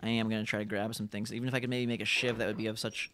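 A young man giving chatty, excitable live commentary while playing a multiplayer game. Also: fairly low pitch, rapid-fire, a little hiss or hum. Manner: excitable, chatty, reacts loudly to the action. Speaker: gaming YouTuber.

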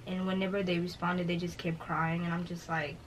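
A woman's voice: on the low side, little pitch movement, fairly quick, slight background noise, rough recording. A young woman talking casually in an interview, telling a personal story and quoting others, with many fillers. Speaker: vlogger telling her story.

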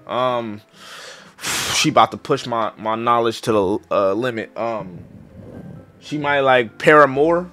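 A man's voice: medium pitch, takes it slowly, long pauses, pushed and bright, faint music behind. A young man giving casual, joking gameplay commentary, profane and improvising lines. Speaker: gaming streamer.

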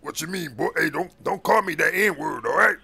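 In a game role-play, a man voices a gruff, blustering crooked cop angling for a bribe, using a deeply gravelly, husky voice pitched a touch high. Bright and forceful, the police officer stammers through slangy street talk at a moderate pace, expressive and exaggerated. His mood is scheming.

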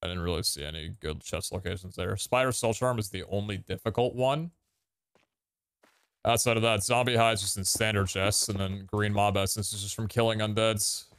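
A man giving casual gameplay commentary, excitable and swearing, with sudden loud outbursts and a voice that cracks. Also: fairly low pitch, normal speed, clean tone, no echo. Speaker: gaming streamer.

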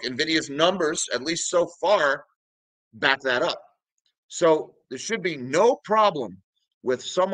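Man, finance video host, bright forceful voice, dry close sound, casual chatty market commentary. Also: fairly high pitch, no room sound, low-quality recording. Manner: conversational, addresses viewers as guys, talks through charts and articles.

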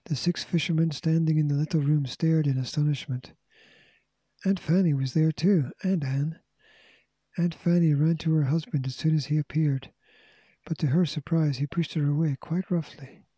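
Storybook narrator, man, steady and measured, dark breathy tone, slightly high. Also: no echo. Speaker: audiobook reader.

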